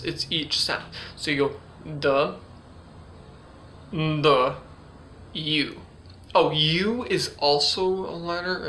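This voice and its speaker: A man teaching ventriloquism in a casual tutorial, talking slowly and hesitantly with many fillers. His voice is bright and forward. Faint hiss sits in the background. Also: a little high. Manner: hesitant, full of fillers, demonstrating sounds.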